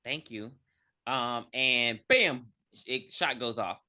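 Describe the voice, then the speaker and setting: A woman co-hosting a podcast, casually recapping a movie, acting out characters' lines in high squeals and swearing freely. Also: slow, pushed and bright. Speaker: podcast co-host. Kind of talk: casual movie review chat.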